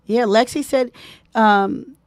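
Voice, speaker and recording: Animated, preachy woman. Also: a little high, takes it slowly, no room sound, clean studio sound. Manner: animated, preachy, repeats key lines for emphasis. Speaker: host. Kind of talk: live-stream commentary and advice talk.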